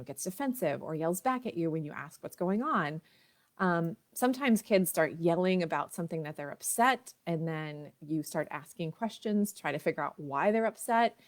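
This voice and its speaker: A woman in her thirties, a parenting coach, talking chattily to viewers on a livestream and laughing often. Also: on the low side.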